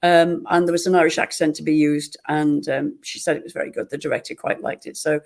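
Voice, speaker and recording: An older woman from Liverpool with a Liverpool accent, telling stories in a casual interview with animated, self-deprecating swoops. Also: low-pitched, fairly quick, creaky. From Liverpool, England. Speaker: guest actress.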